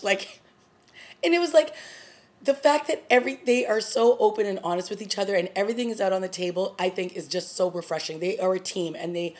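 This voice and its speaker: A woman with a fairly low voice talks through a TV episode in a relaxed vlog. She is chatty and animated, leaning on "you know" and "like" as she retells the scenes. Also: fast talker. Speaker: TV review vlogger. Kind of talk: casual solo TV episode review.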